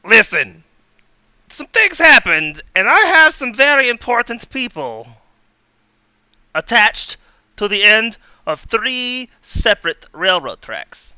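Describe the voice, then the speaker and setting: A man voicing a menacing male villain heard over a radio, with a put-on Russian accent and theatrical pauses. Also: extremely high pitch, big pitch swings, sharp tone, clear, resonant tone, dry recording, pitched above the performer's own voice, full character voice.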